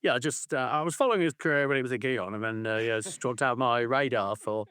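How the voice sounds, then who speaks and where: A man's voice: mid-range voice, fast, a bit bright, smooth, no echo, clean studio sound. A man co-hosting a football podcast, ranting in a casual, sweary way and slipping into mocking voices. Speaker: podcast co-host.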